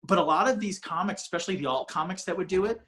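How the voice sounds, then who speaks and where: Bright-voiced rambling comedian man. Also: high-pitched, fast talker. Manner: rambling, many restarts and fillers. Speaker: comedian guest. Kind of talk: casual podcast interview. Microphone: ring light setup, home video call.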